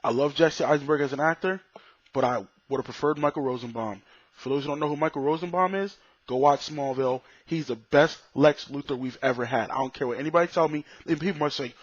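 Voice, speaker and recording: A man's voice: fairly high pitch, fast talker, no echo. Blunt, profane man reviewing a film. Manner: blunt, profane and opinionated, with restarts. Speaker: movie reviewer. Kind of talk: casual spoken movie review. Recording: dull, slightly lo-fi dry recording.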